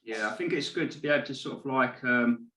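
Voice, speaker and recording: A man's voice: medium pitch, fast, pushed and bright. Male host, meandering questions, roomy echoey sound. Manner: rambling, hesitant questions with fillers. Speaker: podcast host. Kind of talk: casual podcast interview. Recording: echoey room.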